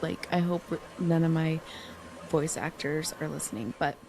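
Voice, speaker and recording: This is a woman hosting a casual interview, enthusiastic and outspoken. Her voice sits low for a woman. A faint hiss is heard behind her. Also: fairly even intonation, normal speed, gravelly, warm tone, low-quality recording. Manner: enthusiastic, encouraging, blunt. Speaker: podcast host.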